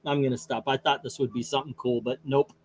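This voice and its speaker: A man's voice: mid-range voice, fairly even intonation, fast, darkish tone, slight background noise. A man hosting a comic book channel who chats casually in a rambling, folksy way and grumbles at his screen between readings.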